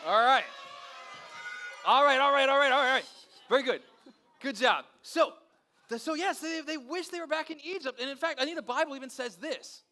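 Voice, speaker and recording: High bright energetic children's pastor man. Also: normal speed, long pauses, a faint crowd. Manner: energetic, playful, chatty. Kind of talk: interactive Bible story for kids.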